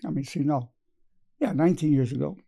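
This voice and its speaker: Gravelly-voiced man in his eighties. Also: a little high, a little fast, warm tone. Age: 80s. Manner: retells client stories with quoted dialogue and repeated phrases. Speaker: psychologist. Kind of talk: storytelling lecture.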